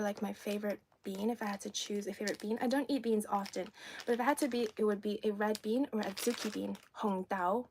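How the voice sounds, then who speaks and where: A woman's voice: mid-range voice, a little mellow, a little hiss or hum. A woman from China whose first language is Cantonese, hosting a casual livestream and chatting through a snack taste test while answering viewers' comments. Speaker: livestream host.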